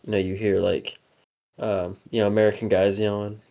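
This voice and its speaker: A man's voice: lowish voice, level tone, moderate pace, vocal fry, warm tone. A young man co-hosting a podcast, chatting casually, rambling with lots of fillers and frequent swearing. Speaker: podcast co-host.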